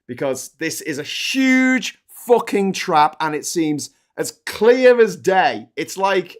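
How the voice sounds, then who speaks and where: A man's voice: high-pitched, very animated, slow. A man co-hosting a live political podcast, ranting passionately and swearing freely. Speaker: co-host.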